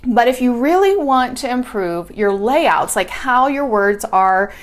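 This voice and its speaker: Woman, lettering teacher, casual tutorial, chatty, a bit high-pitched. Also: lively intonation, unhurried. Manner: friendly, chatty, demonstrating while she sketches.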